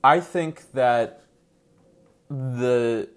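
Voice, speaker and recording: A man co-hosting a podcast in a casual chat, hedging with "like" and trading quick jokes. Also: medium pitch, clear, resonant tone. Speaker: podcast co-host.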